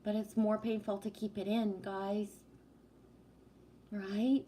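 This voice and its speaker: Woman warmly chatting with her stream viewers. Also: medium pitch, level tone, takes it slowly, a little hiss or hum. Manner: affectionate, calls viewers sweetie; projects her voice strongly. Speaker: livestream host reading chat. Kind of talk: casual live-stream chat with viewers.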